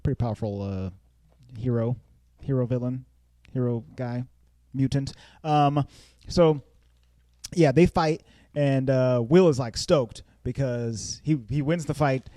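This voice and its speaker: A man's voice: mid-range voice, unhurried, long pauses, warm tone, no echo. A man hosting a casual movie review podcast, laughing often and acting out characters in goofy voices. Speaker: podcast host.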